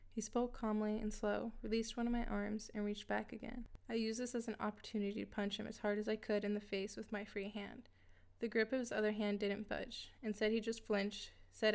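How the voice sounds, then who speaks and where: A woman reading a scripted first-person story in a steady, even way. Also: mid-range voice, brisk, gravelly. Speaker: narrator.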